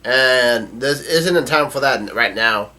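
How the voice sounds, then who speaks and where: A man voicing a carefree young male pirate captain, read out quickly and plainly. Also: medium pitch, bright, forceful tone.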